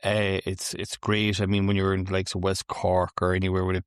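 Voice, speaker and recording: A man's voice: sits low, completely flat delivery, fairly quick, clear, resonant tone, no room sound, clean studio sound. An Irish man co-hosting a podcast, talking in a colloquial, jokey and laid-back way. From Ireland. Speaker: podcast co-host. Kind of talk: casual podcast chat.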